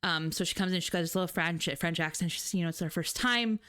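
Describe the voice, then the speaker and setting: A woman streamer in a chatty, animated casual talk, laughing often. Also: lowish voice, fast, smooth. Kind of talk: casual chat.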